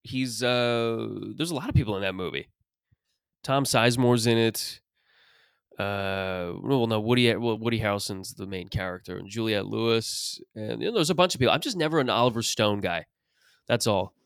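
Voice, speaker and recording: A man's voice: lowish voice, moderate pace, clear, resonant tone, no room sound. A man from Canada hosting a podcast, chatting casually and teasing his guest. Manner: dry, teasing. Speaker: podcast host. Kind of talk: casual chat.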